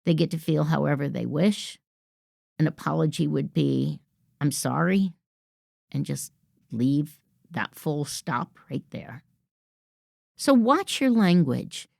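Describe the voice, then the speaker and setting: A woman hosts a workplace podcast, coaching listeners assertively and acting out example phrases in an instructive monologue. Her low, gravelly voice has a darkish tone, lively intonation, and a slow pace. The audio is studio quality with no echo.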